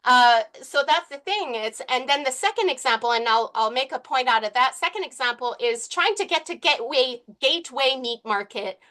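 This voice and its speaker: A woman's voice: high voice, lively intonation, moderate pace, hardly any pauses, sharp tone. A woman speaking earnestly as a committee member at a public meeting, rambling with fillers and restarts.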